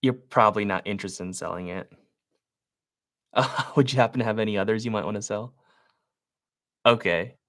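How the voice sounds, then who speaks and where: A man's voice: fairly low pitch, moderate pace, long pauses, a bit bright. A man who invests in real estate, coaching on a live stream while making cold calls, talking loosely with plenty of filler words. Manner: loose and conversational, many "like" fillers.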